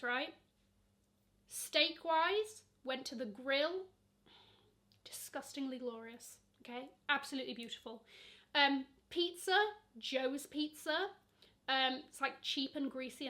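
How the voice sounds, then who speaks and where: A woman's voice: high voice, bright, forceful tone. A young woman, chatting casually through a Q&A vlog with lots of fillers and playful asides. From Nigeria. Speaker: luxury vlogger.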